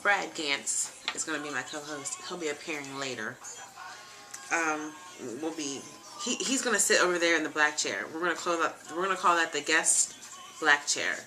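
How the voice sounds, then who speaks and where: Low-pitched chatty woman hosting a web show. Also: normal speed, over music. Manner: chatty, frank and joking, with frequent ums and asides. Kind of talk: casual chat. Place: home room, seated in a leather chair.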